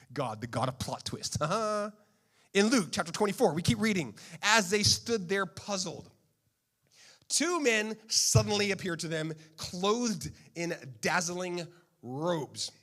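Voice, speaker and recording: A male pastor preaching a sermon in a playful, animated storytelling manner. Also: high voice, slow pace.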